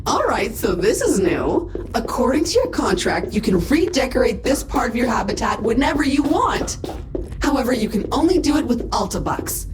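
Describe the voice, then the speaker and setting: A woman's voice: fairly high pitch, sing-song, moderate pace, noisy background. A woman voicing a chipper, helpful female AI companion in a video game, bubbly and dryly businesslike. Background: game music.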